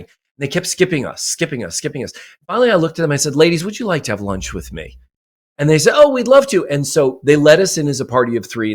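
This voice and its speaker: A man speaking as a podcast guest and mindset coach, talking emphatically and repeating phrases for effect. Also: mid-range voice. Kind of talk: motivational interview talk.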